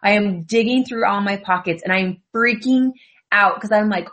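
A woman's voice: mid-range voice, a bit bright. Young woman on a podcast, just chatting, telling stories w/ lots of asides. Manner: chatty storytelling, quick asides. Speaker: podcast co-host. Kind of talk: casual chat.

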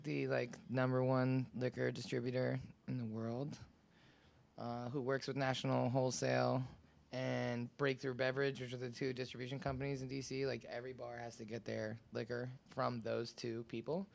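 A woman's voice: very deep voice, little pitch movement, normal speed, vocal fry, a little mellow. A woman co-hosting a casual podcast chat, blunt and swearing freely. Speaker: podcast co-host.

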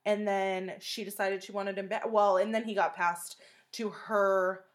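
A woman co-hosting a true-crime podcast in casual chat, animated and swearing often as she recounts details of a case. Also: mid-range voice, unhurried. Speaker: podcast co-host.

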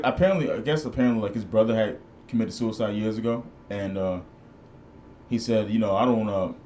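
A man's voice: fairly low pitch, a little hiss or hum. A man in his thirties hosting a podcast, chatting casually and rambling with plenty of swearing. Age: 30s. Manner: profane, rambling, animated. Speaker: podcast host. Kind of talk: casual chat.

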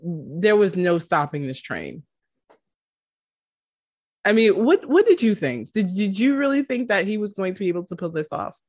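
A woman hosting a podcast in casual chat, animated, often laughing and making dramatic asides. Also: mid-range voice, moderate pace, dry recording. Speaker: podcast host.

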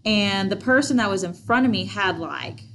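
A woman with a voice of middling pitch chatting casually with friends. She tells a story in an exasperated, talkative way, adding plenty of fillers. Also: lively intonation, moderate pace, fairly bright tone, slight background noise. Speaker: podcast co-host. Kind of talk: casual chat.

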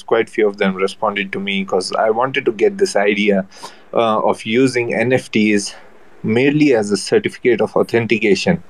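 Man, low-ish voice, dry sound, audience speaker, earnest, methodical, ums and uhs. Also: dry recording. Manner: earnest, methodical, lists points with hesitations. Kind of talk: casual online audio chat.

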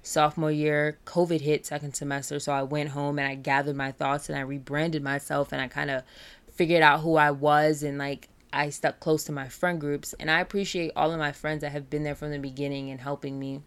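Low-voiced young woman, candid and earnest. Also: little pitch movement, fairly quick, smooth. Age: young adult. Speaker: college student. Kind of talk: personal talk on mental health.

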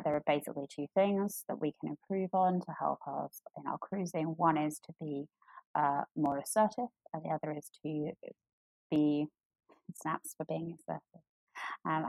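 A woman co-hosting a casual chat, candid and animated, with lots of fillers and restarts. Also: moderate pace, gravelly, no echo, low-quality recording. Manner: candid and animated, jumps into high voices for quotes. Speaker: podcast co-host.

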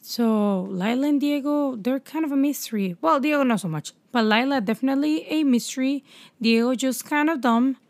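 A woman co-hosting a casual TV review chat, chatty and quick with agreeing murmurs. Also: sits high, darkish tone, no echo. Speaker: podcast co-host reviewing a TV episode.

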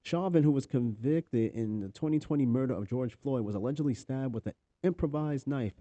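New york guy reading news off his phone, swears a lot, super dark mellow voice, dry close sound. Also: medium pitch, brisk, no room sound, highs cut off. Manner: profane, offhand, reads articles aloud with asides. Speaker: podcast host. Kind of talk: casual news commentary.

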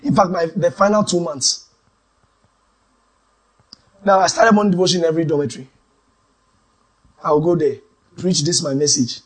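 A man preaching a sermon testimony, dramatic, swinging from shouted lines to hushed asides. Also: a little high, fairly even intonation, moderate pace, long pauses, husky.

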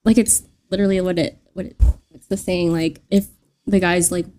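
A woman's voice: on the low side, fairly even intonation, normal speed, darkish tone, a little hiss or hum. A young woman guest in a casual podcast chat, giggling often and filling her talk with "like". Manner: giggly, lots of "like" fillers.

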